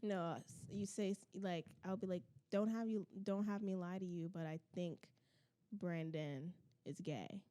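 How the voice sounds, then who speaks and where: A woman's voice: lowish voice, steady tone, unhurried, mellow, smooth. A young woman chatting on a podcast as a guest, giggly and rambling. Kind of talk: casual podcast chat.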